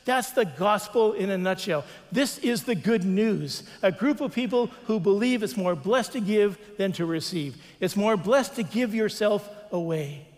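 A man's voice: sits high, animated, measured pace, hardly any pauses, in a large hall. A man preaching a sermon as a pastor, earnest, with repeated refrains and acted-out quotes.

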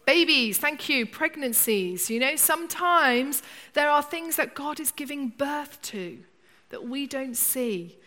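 A middle-aged woman delivers a sermon in a bright, fairly high voice. She talks conversationally and acts out people's inner voices. A long reverb from the hall trails behind her words. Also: lively intonation, slow pace. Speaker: preacher.

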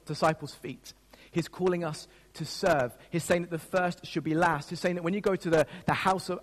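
A man's voice: on the high side, long reverb tail. A man preaching a sermon as a pastor, speaking in an earnest, emotional way with frequent restarts.

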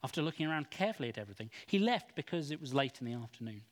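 A man giving an expressive, dramatic Bible reading. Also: medium pitch, very fast. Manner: expressive, acts out quoted speech. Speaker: scripture reader. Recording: long hall reverb.

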